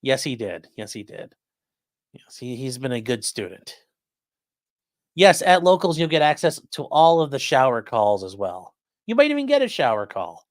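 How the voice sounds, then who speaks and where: A man hosts a livestream in a relaxed, conversational way, reading viewer comments aloud and often circling back to repeat himself. His voice sits at a middle pitch, and the sound is dry and close to the mic. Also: normal speed, dry recording. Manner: loose and conversational, many fillers, repeats phrases. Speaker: host of a legal commentary livestream.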